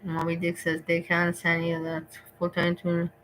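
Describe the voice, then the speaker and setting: Woman, streamer, frustrated, swearing, sharp bright tone. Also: fairly low pitch, monotone, moderate pace, slight background noise, rough recording. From Europe. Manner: frustrated, ranting, heavy swearing. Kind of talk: reaction livestream rant.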